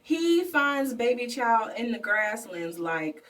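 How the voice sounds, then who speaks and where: A bubbly, animated woman recaps a film in a casual vlog while doing face paint, her voice sitting a bit high. She slips into playful voices for the characters. She sounds a little distant from the mic. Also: slow. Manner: animated, chatty, acts out characters in funny voices. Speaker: beauty and movie review vlogger.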